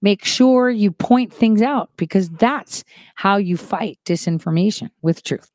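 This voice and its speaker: Woman commentator, animated casual monologue, mid-pitched, close and dry. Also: no echo. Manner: animated, quick shifts from soft asides to emphatic rises. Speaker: online commentator.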